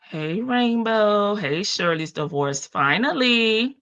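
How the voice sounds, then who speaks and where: A woman's voice: medium pitch, animated, slow pace, a bit bright, dry recording. A woman hosting a casual livestream, chatting and greeting viewers one by one in a big country voice. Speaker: livestream host.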